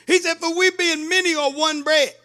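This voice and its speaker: A man preaching a sermon, fervent, breaking into shouts and sing-song cadences. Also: very high voice, steady tone, moderate pace.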